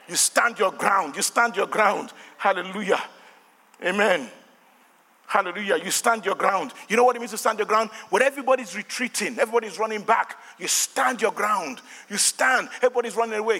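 An older Nigerian-accented pastor preaches a fervent sermon full of shouted refrains and call-and-response, his voice echoing with long reverb in a church hall. His pitch sits high, and he's expressive and fairly quick.

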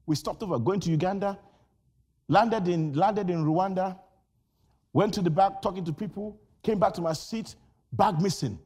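Born in Nigeria, this preacher delivers a sermon in shouts, repeating lines as his intensity climbs and relating personal stories with animation. His voice sits high, at a normal speed.

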